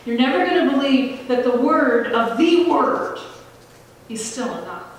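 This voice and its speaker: A woman pastor preaching a sermon, conversational and emphatic, slowing down to stress key phrases. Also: high-pitched, a little hiss or hum. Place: large church sanctuary. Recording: echoey hall, voice from far off.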